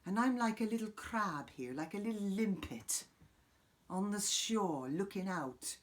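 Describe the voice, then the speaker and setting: Speaking in a voice that sits high, a man delivers an animated, measured-pace improvised monologue to camera as an eccentric middle-aged woman guru. His mood is one of rambling musing, full of swearing, with sudden loud outbursts dropping into quiet asides.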